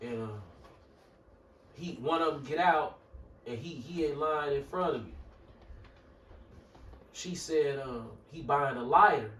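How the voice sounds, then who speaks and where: High-voiced Milwaukee man telling a story. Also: unhurried, pauses often, slight background noise. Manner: animated, profane, acts out quoted people, bursts into shouting. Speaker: show regular. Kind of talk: casual storytelling chat. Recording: roomy echo, mic far off.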